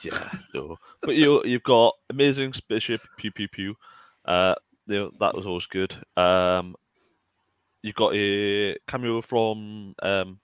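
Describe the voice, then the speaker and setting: A man's voice: on the low side, measured pace, clear, resonant tone, no echo, muffled recording. A man on a casual podcast, self-deprecating and hesitant, often restarting his sentences. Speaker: podcast co-host. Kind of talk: casual chat.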